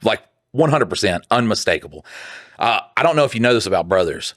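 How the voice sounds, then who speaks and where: A man co-hosting a podcast, telling a story in casual chat, animated and swearing freely, acting out what other people said. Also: fairly low pitch, fast, no echo, clean studio sound. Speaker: podcast co-host.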